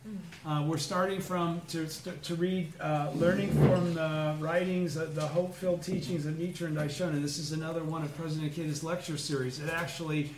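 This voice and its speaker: A man's voice: fairly high pitch, flat delivery. Tired man reading scripture in an echoey room. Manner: reads slowly, adds short explanatory asides. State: tired and out of breath. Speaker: study group leader. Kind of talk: reading and lecturing on Buddhist scripture. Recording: echoey room with faint background noise.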